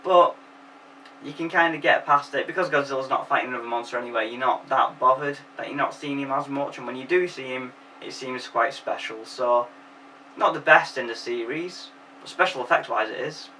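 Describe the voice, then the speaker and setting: A man's voice: medium pitch, brisk, pushed and bright, distant mic, slight background noise, poor audio. Sweary man recapping a film. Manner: sarcastic, sweary, jokey. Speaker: film reviewer host.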